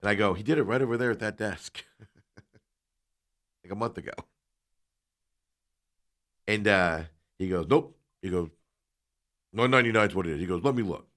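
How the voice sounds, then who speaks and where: Male talk host, lowish voice, casual anecdote, plays out both sides of the dialogue. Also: moderate pace, long pauses, a bit bright. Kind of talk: casual storytelling chat.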